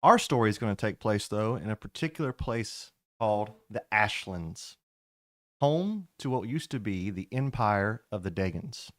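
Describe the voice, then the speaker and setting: A man acting as game master, narrating a tabletop game in a lively, casual way. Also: lowish voice, normal speed, no echo, studio quality.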